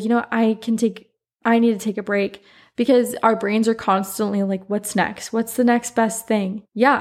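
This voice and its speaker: A woman from Florida with a Southern accent, hosting a solo podcast in a chatty, rambling way full of "like" and side notes. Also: medium pitch. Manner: chatty, rambling, many "like" fillers and asides. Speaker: podcast host. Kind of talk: casual solo podcast chat.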